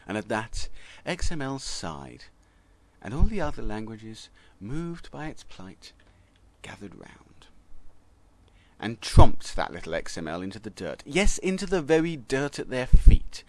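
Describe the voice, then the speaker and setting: A man's voice: medium pitch, measured pace, low-quality recording. Guy reading a goofy tale, dry jokes, voice bounces all over. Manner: wry, animated, deadpan asides. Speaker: narrator. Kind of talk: comic storytelling.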